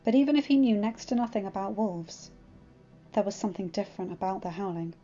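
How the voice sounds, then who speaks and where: A woman narrating a fanfiction story in an expressive, dramatic reading. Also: medium pitch, a little fast. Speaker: fanfiction reader. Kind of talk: scripted narration. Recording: dull lo-fi with faint music.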